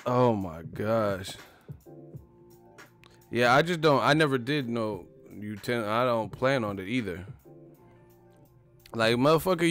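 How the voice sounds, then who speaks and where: A man's voice: medium pitch, lively intonation, a little slow, pauses often, fairly bright tone, soft background music. Profane joking man streaming boxing talk. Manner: profane, joking, laughing often. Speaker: boxing YouTuber. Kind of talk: casual livestream commentary.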